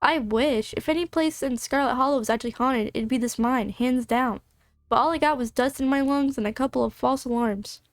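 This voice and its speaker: Woman reading a cheery ghost hunter girl in a game, high voice, jokey. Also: a little fast, dry recording, clean studio sound. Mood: playful. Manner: playful and cheerful. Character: upbeat ghost-hunting young woman.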